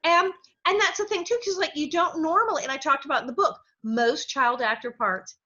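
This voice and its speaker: A middle-aged woman, a former child actress, telling lively stories as an interview guest and acting out the people she quotes. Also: sits high, brisk. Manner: animated storyteller, acts out quotes with big laughs. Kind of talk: casual storytelling interview. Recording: dull lo-fi audio.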